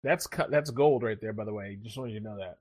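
A man's voice: fairly low pitch, quick pace, no room sound, clean studio sound. A man co-hosting a casual podcast chat, joking and rambling through a story. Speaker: podcast co-host.

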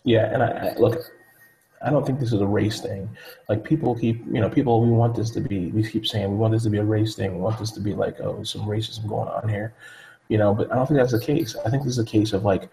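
A man's voice: fairly low pitch, fairly even intonation, quick pace, mellow, a little hiss or hum, poor audio. A man telling a story in casual chat, loose and rambling, with many fillers, acting out the people he quotes.

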